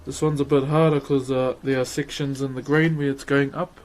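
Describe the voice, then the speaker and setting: Carving wood on his live stream, this young streamer with a New Zealand accent talks briskly in a mid-range voice with a level tone. His chat is casual and relaxed, with frequent laughter.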